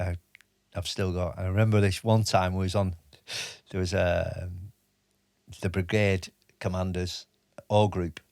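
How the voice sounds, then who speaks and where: A man's voice: sits low, a little mellow, no room sound. A man in his fifties, an army veteran, telling stories in a casual interview. He often stops and restarts his sentences. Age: 50s. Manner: halting, with many restarts and fillers. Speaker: podcast guest, army veteran.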